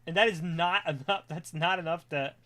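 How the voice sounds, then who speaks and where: A streamer chatting casually on a live stream, excitable and rambling, drifting into quiet mumbling while setting things up. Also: mid-range voice, moderate pace.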